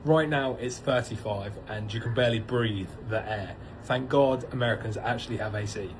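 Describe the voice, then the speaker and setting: A man's voice: medium pitch, normal speed, noisy background. A man from England, chatting to camera in an exasperated, casual way. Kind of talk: casual travel vlog.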